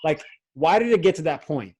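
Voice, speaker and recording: A man's voice: on the high side, expressive, brisk, noisy background. A man talking in a casual conversation as a guest, rambling with frequent restarts and fillers. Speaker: podcast guest, film co-founder.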